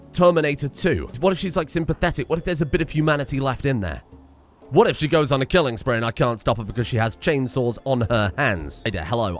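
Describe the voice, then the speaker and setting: A man giving casual gameplay commentary, excitable and often laughing, talking to the characters on screen. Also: mid-range voice. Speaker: gaming video creator.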